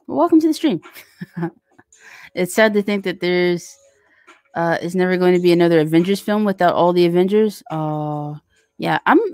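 A woman's voice: lowish voice, darkish tone, no room sound. A woman hosting a casual live stream, chatting and rambling with lots of fillers as she reads out viewer comments. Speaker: livestream host reading viewer chat.

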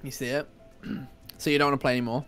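A man's voice: mid-range voice, flat delivery, quick pace, a bit bright, clear, resonant tone, faint music behind. A young man playing along on a gaming stream from his room at home, talking in a dry, teasing, laid-back way. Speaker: co-player on stream. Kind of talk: casual chat while gaming.

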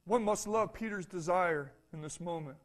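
A man preaching a sermon in a church, folksy and repetitive, swinging between loud calls and soft, hushed lines and asking for an "Amen". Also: sits high, moderate pace. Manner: folksy, repeats phrases, asks the congregation "Amen?". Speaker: pastor.

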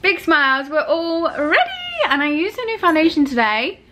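Chatty high-voiced woman vlogging. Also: moderate pace, slight background noise, poor audio. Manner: chatty and excitable, swears casually. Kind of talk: casual travel vlog.

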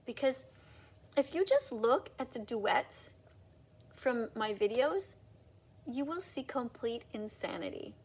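Woman, high-pitched, husky, preachy rant to camera, mocking jumps in pitch. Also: expressive, takes it slowly, pauses often. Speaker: video creator. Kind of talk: ranting monologue to camera.

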